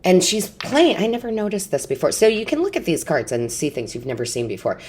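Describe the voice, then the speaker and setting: Speaking a little fast in a lowish, sing-song, darkish voice, a woman offers an intuitive tarot reading to the camera over slight background noise. Tearful and overwhelmed with emotion, she stays earnest and encouraging, frequently asking rhetorical questions.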